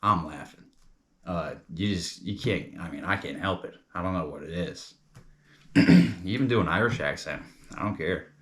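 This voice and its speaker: A man's voice: low voice, normal speed, fairly bright tone. A young man from New York chatting casually as a comedy reviewer, rambling and loose, calling people bro and dude.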